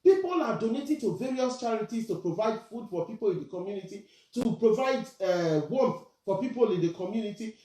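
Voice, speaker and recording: Fairly high-pitched and warm, this woman's voice moves fairly quickly with lively intonation and hardly any pauses, in an echoey room. She's a Nigerian social media commentator ranting indignantly in an angry vlog, firing rhetorical questions and blending Pidgin with plain English.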